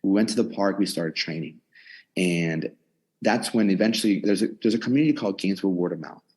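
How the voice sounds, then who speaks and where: A man's voice: low-pitched, fast talker, breathy edge. A man in his twenties, a personal trainer, candidly telling his story in a casual podcast interview, recorded in his gym. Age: 20s. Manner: candid, energetic, lively retelling with inner dialogue. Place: his own gym in a converted storage unit.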